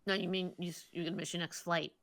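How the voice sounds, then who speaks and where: A woman's voice: fairly low pitch, fairly even intonation, fast, a bit bright. A woman co-hosting a podcast, chiming in with dry, brief remarks in casual chat. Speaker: podcast co-host.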